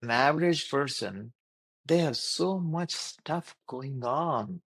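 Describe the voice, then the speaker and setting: A man's voice: medium pitch, lively intonation, takes it slowly, fairly bright tone, no echo. Man, interview guest; earnest and explanatory, dry close mic. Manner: earnest, explains with repeated phrases and lists. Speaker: doctor and wellness program creator.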